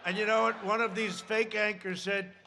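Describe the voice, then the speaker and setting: High bright-voiced man at a rally. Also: flat delivery, normal speed, creaky, a little hiss or hum. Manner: rambling with sarcastic asides and shouted emphasis. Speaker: politician at a campaign rally. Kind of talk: campaign rally speech. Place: large campaign rally.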